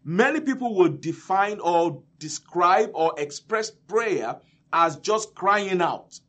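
A male preacher delivering a sermon, emphatic and repetitive, swinging between loud and soft. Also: high-pitched, lively intonation, slow pace.

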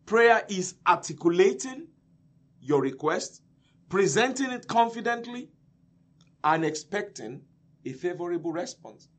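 A male preacher delivering a sermon, emphatic and repetitive, swinging between loud and soft. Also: high voice, sing-song, a little slow, pauses often.

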